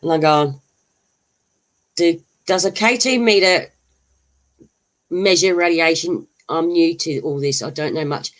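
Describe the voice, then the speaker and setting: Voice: medium pitch, a little slow, long pauses, a bit bright. A livestream host who chats casually, laughs often and answers viewers' comments. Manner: laughs often, chatty and rambling, answers chat.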